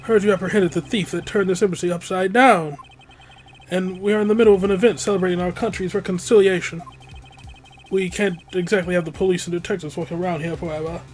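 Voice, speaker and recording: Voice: medium pitch, fairly even intonation, fast talker, darkish tone, slight background noise, close to an everyday voice. A player doing a smug, condescending ambassador. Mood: smooth. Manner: smooth, condescending, overly polite. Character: pompous scheming older male ambassador. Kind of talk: let's-play voice acting of game text.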